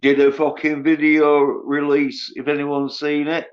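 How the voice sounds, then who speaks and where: A slow-talking man on a livestream, pouring out a stream of swearing and scorn in a fairly high voice. The sound is dull and lo-fi. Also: monotone. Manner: profane, scornful ranting. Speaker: livestream host. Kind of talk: casual livestream rant.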